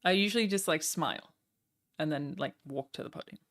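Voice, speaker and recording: A young woman streaming from home, chatting casually and joking at her own expense, with quick asides to her chat. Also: deep voice. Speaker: streamer reacting to a broadcast.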